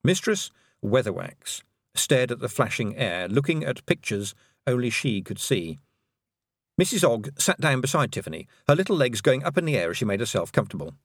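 A man narrating a storybook in an animated reading voice. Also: medium pitch, moderate pace, dry recording, studio quality. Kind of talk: audiobook narration.

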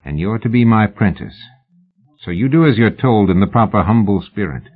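A man voicing a sly, lean Victorian London swindler who talks low and soberly. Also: animated, normal speed, husky. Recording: phone-like narrow band.

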